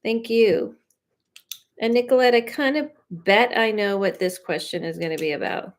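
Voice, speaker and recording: Woman psychic medium, chatty livestream host, mid pitch, rambling and direct. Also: moderate pace. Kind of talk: casual livestream chat and readings.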